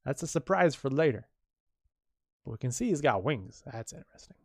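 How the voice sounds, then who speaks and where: A man's voice: medium pitch, lively intonation, brisk, darkish tone, dry recording, studio quality. A man, a comic creator, casually reading his own comic aloud and explaining the panels, chatty and full of restarts.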